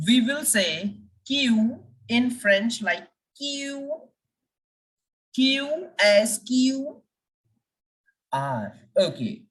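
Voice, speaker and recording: A woman teaching the French alphabet, speaking deliberately and repeating each letter for learners. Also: mid-range voice, far from the mic, rough recording. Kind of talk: language lesson.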